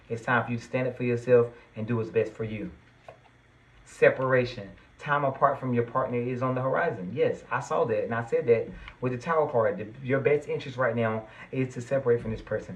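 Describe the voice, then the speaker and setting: A man of middle pitch gives a tarot reading straight to his viewers. He talks in an earnest, reassuring way and turns emphatic when he feels strongly. The sound is a little dull and lo-fi. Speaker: tarot reader.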